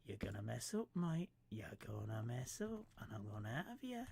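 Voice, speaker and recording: A man's voice: medium pitch, very animated, normal speed, vocal fry, a little mellow, husky, exaggerated voice. A man voicing a menacing male pig in a whispered role-play, taunting in an unvoiced whisper. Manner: taunting, drawn out.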